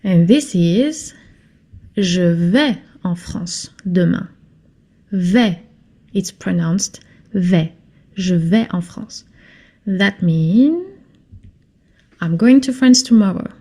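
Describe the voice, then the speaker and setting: A woman teaching a French lesson in English, speaking slowly and patiently and repeating phrases for her learners. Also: fairly low pitch, animated, mellow. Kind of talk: slow classroom lesson.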